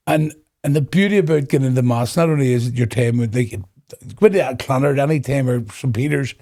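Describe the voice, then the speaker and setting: Gravelly Northern Irish man. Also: medium pitch, fast. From Northern Ireland. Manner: animated storyteller acting out dialogue, breaks into laughter. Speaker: guest. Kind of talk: personal testimony in a podcast interview.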